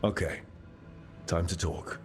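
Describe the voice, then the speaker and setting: A man's voice: slow pace, faint music behind, natural voice. An actor playing a practical male adventurer hero in video game dialogue, speaking in a dry, matter-of-fact way.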